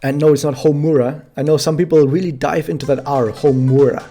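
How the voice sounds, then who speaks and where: A man's voice: on the high side, fairly even intonation, fast talker, dark tone, soft background music. A man streaming a game, chatting casually to his viewers and explaining things with many fillers. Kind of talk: casual gameplay commentary to chat.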